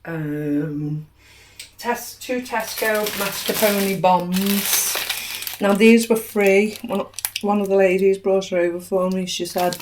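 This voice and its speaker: Speaking slowly in a mid-range voice, this middle-aged vlogger from the United Kingdom goes through her grocery haul in a cheerful, casual way, tallying up costs and savings. The sound is echoey and faintly noisy, captured from a distant mic.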